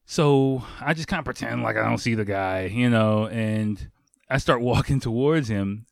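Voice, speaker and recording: A man's voice: medium pitch, moderate pace, vocal fry, no room sound, studio quality. A man from the United States telling a casual anecdote, laid-back and full of fillers, laughing often. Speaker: storyteller.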